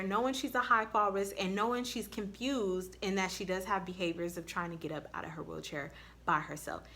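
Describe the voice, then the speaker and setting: A woman's voice: medium pitch, bright, forceful tone. A woman nurse giving casual advice to her viewers, telling candid stories with blunt swearing. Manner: blunt, candid storytelling with profanity; speaks straight to viewers.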